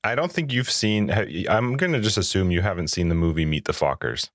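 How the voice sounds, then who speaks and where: A man's voice: low-pitched, brisk, dry recording, clean studio sound. A man hosting a gaming podcast, laid-back and joking, laughing easily between remarks. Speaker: podcast host. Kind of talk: casual chat.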